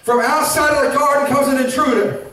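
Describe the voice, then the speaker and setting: A man preaching a lively sermon as pastor, shouting, laughing and calling out to the congregation. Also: very high voice, brisk. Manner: preaching with call-and-response asides. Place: church sanctuary. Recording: very echoey church hall, mic at a distance.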